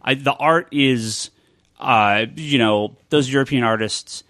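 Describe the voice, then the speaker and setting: An American man co-hosts a podcast, his mid-range, slightly bright voice captured in a dry, studio-quality recording. He speaks slowly and casually, rambling with enthusiasm and frequently correcting himself.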